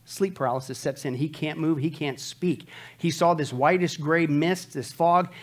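A man preaches a sermon in a high, emphatic voice. He keeps asking the congregation rhetorical questions and answers them himself. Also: moderate pace.

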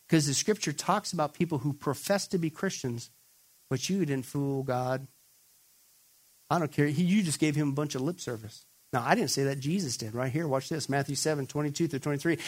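A man preaching a sermon, talking straight to his listeners and pushing his points hard. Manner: emphatic, builds to raised, excited pitch when quoting; addresses listeners directly as folks. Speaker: pastor.

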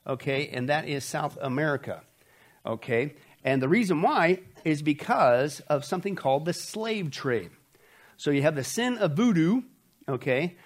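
A man preaching a Bible study, emphatic and folksy, asking his listeners questions and answering them himself. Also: a little high. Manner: folksy, says okay often. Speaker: pastor teaching a Bible study. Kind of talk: sermon.

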